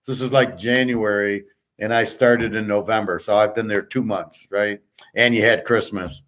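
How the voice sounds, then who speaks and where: A man's voice: fairly low pitch, steady tone, moderate pace, a bit bright. A middle-aged man telling a long work story in a blunt, rambling way that repeats itself. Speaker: podcast host. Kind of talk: casual storytelling monologue.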